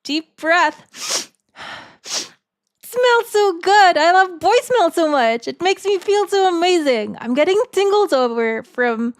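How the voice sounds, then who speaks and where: A man's voice: very high voice, expressive, slow, no echo, clean studio sound, pitched above the performer's own voice, exaggerated voice. A man voicing a giddy, boy-crazy girl who swoons over a scent, gushing breathlessly and over the top, as he reads out a fan voicemail in character. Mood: giddy swooning.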